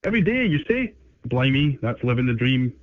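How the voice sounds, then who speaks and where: A man's voice: medium pitch, sing-song, a little fast, no room sound. AI man voicing a cheeky British bulldog on the phone. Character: cheeky male British bulldog, chatty old-timer. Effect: phone line. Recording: tinny phone line.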